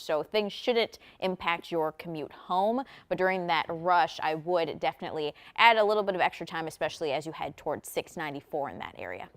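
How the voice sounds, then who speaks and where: A woman delivering a morning traffic update in an upbeat way and laughing easily with the desk. Her voice sits fairly low for a woman but moves around a lot. She sounds lively throughout. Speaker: traffic reporter. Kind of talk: traffic report and banter.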